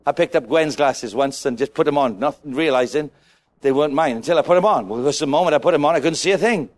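A man preaching a sermon to a congregation, animated and asking them questions. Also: a little high, fast. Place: church with a congregation.

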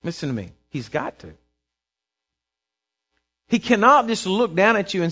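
A man preaching a sermon in a conversational way, checking in with his listeners and dropping to a soft, quiet voice for prayers. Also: sits high, very animated, unhurried, long pauses, husky. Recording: dull lo-fi recording.

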